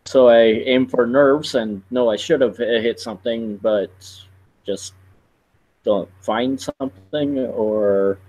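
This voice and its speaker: A man's voice: medium pitch, darkish tone, rough recording. A man playing in a tabletop game, thinking aloud as he works out his rolls and actions. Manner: slow, thinking aloud while working out dice rolls. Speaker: player. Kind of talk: casual tabletop gaming chat.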